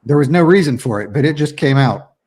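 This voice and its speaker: A man's voice: mid-range voice, expressive, fairly quick, darkish tone, slightly rough. A man co-hosting a podcast in casual chat, teasing his co-host with profane banter.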